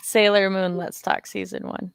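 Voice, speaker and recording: A woman's voice: mid-range voice, flat delivery, normal speed, creaky, clear, resonant tone, no room sound. A woman on a video call chatting casually, dropping short dry quips. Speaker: guest. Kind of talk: casual group video chat.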